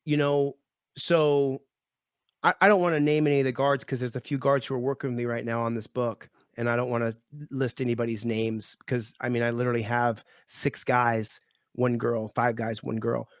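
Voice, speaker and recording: A man, the guest of an interview, telling a personal story in a lively way and acting out the people in it. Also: medium pitch, normal speed, smooth, no room sound, studio quality. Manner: lively, acts out voices in his stories. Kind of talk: animated storytelling.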